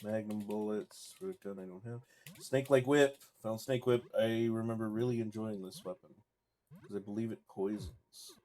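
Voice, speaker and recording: A man's voice: lowish voice, little pitch movement, normal speed, dark tone. A young man, chatting casually while streaming a game live and reading chat aloud. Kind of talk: live gameplay commentary.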